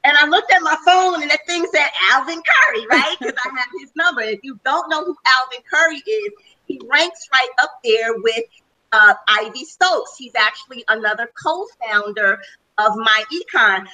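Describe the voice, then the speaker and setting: A woman's voice: high voice, expressive, normal speed, sharp tone, poor audio. A woman speaking as a panel guest on a webinar, telling her personal story with enthusiasm. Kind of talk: testimonial on a webinar call.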